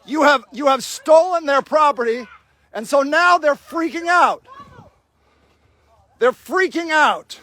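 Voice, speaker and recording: Very high-voiced man shouting in anger. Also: takes it slowly, long pauses, no echo. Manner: shouting, angry and sarcastic. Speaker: activist filming a camp sweep. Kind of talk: livestreamed street confrontation. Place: outdoor homeless camp in snow.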